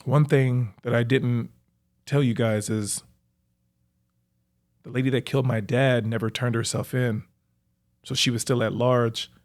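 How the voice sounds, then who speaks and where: A young man, a professional athlete, reflectively recounting his own life story in a halting way, with frequent fillers. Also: mid-range voice, steady tone. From United States. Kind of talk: personal storytelling.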